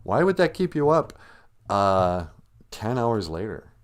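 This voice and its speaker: A man's voice: on the low side, big pitch swings, takes it slowly. A man hosting a livestream, spinning a rambling, jokey story on the fly and slipping into silly voices for the characters. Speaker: livestream host. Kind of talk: casual comedic storytelling.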